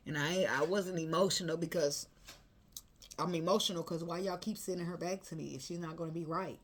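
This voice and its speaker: Low-voiced chatty woman reading tarot. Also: steady tone, fairly quick, slight background noise. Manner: chatty, emotional, colloquial, laughs often. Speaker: tarot reader.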